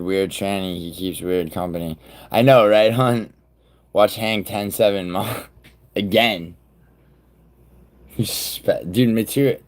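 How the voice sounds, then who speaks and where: A man hosting a live stream, chatting loosely with viewers in a profane, rambling way, with sudden loud outbursts. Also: deep voice. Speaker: livestream host. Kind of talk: casual live-stream chat reacting to viewers.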